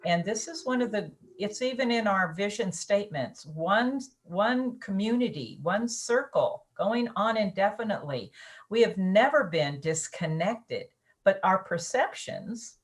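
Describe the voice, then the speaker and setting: A woman's voice: mid-range voice, lively intonation, unhurried. A woman co-hosting a casual spiritual chat, explaining ideas in a reflective, searching way. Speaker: co-host.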